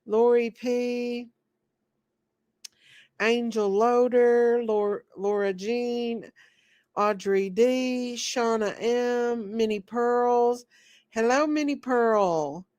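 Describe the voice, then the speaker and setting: A woman hosting a casual livestream while sick and short of breath, greeting viewers by name in slow, drawn-out, sing-song repeats. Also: on the high side, a little mellow, clear, resonant tone, no room sound. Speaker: livestream host.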